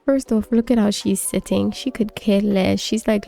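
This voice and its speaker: A woman's voice: mid-range voice, steady tone, moderate pace, creaky, few pauses, dark tone, faint music behind. A woman giving casual, chatty commentary on a life-sim game story, full of fillers. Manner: chatty, filler-heavy, laughs often. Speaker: let's play host.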